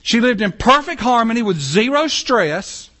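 Male pastor, sermon delivery, animated and joking; high, bright, lively voice. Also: normal speed. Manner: animated, joking preaching with acted-out quotes.

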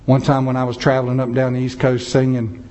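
A man's voice: medium pitch, completely flat delivery, fast talker, dark tone. A man preaching a sermon, telling a story with dramatic swings of pace and emphasis. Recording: dull lo-fi sound.

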